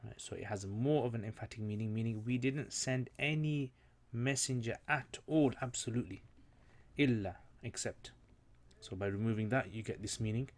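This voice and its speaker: A man giving an informal recorded lesson, explaining word by word with frequent pauses and fillers. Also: mid-range voice. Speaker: Islamic studies teacher.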